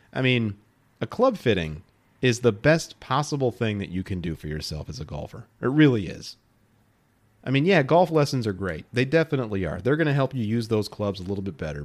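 A man in his late thirties hosting a podcast, talking straight to his listeners in an emphatic, persuasive way. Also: medium pitch. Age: 30s. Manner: emphatic, animated, addresses listeners directly. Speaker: podcast host. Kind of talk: solo podcast talk.

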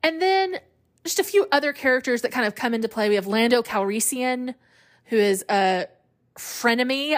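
A woman hosting a podcast, talking casually on her own, chatty and often laughing. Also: a little high. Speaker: podcast host. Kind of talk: casual solo podcast monologue.

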